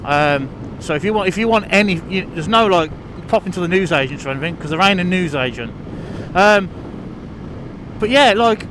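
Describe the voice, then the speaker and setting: A man's voice: high voice, noisy background. A man vlogging while out riding a bike on country lanes, chatting in a rambling, self-deprecating way with lots of restarts and fillers. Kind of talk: casual rambling monologue.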